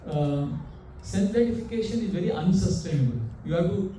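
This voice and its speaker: A man preaches in an animated way, asking his listeners questions as he goes. His voice is fairly high for a man yet mellow in tone. The recording is roomy and distant, with a faint background hum. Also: brisk. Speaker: monk preacher. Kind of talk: sermon with storytelling. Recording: echoey room, mic far off.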